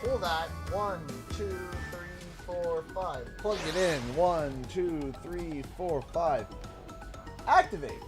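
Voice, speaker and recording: A man's voice: sits high, slow, over music. A young Canadian man giving casual, jokey livestream commentary while he plays, talking to his chat. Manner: excitable, jokey, talks to chat. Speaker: streamer.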